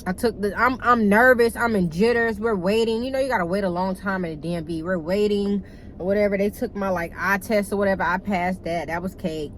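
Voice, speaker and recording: A young woman telling a casual storytime to her viewers in a chatty, animated way, cussing freely and calling them y'all. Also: medium pitch, brisk, slight background noise, poor audio. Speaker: vlogger.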